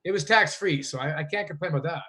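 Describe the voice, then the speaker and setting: A man's voice: on the high side, quick pace, sharp tone, breathy edge. A man from Canada, a fantasy sports player, telling long rambling stories as a guest in a casual interview. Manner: rambling, self-correcting storyteller.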